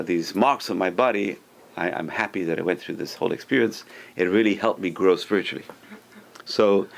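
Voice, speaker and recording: Gravelly rabbi telling a lively story. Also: male voice. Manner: animated storyteller, acts out quotes with sudden high lifts; talks to the room, asks listeners questions. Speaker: rabbi teaching a class. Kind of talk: Torah class storytelling.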